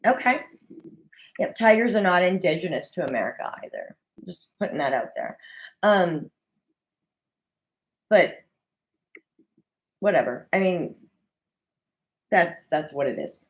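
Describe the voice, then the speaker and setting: Solo recap host, woman, lively swooping delivery, slightly low-set voice, chatty and opinionated. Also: unhurried, long pauses, poor audio. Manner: chatty, opinionated, animated with mock quoted voices. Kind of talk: casual solo recap commentary. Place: at a desk at home.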